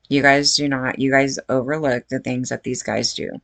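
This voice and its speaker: A woman's voice: rumbling low, little pitch movement, normal speed, gravelly, a bit bright, dry recording. A woman in her forties giving casual reaction commentary on a news story, blunt and outraged, swearing freely. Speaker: true-crime commentary vlogger.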